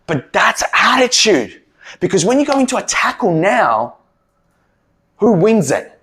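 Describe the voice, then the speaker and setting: Man, motivational coach, husky bright voice, lively pitch, yells chants at his team. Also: a little slow, long pauses. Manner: rousing, leads loud shouted chants. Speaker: mental performance coach.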